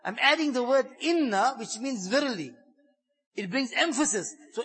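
Male preacher, high husky tone, emphatic sermon delivery that swings between fervent stress and hushed passages. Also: animated, moderate pace. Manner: emphatic, swelling to fervent stress, then dropping soft and low. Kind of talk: sermon explaining scripture.

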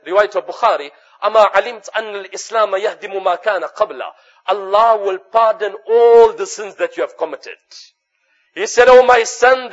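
Male preacher, high voice, earnest storytelling sermon, muffled lo-fi recording. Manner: earnest preaching, often quotes Arabic narrations. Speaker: Islamic preacher. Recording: dull lo-fi recording.

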